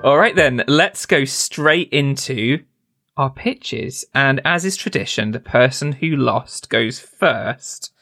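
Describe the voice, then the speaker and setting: Man, podcast host, sharp bright tone, upbeat, teasing, giggly. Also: mid-range voice, animated, slow pace, soft background music. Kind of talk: casual gaming podcast chat.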